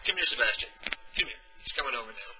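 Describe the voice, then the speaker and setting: A man's voice: mid-range voice, expressive, fast. A male radio host in crude, teasing prank-call chat. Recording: dull lo-fi recording, faint music.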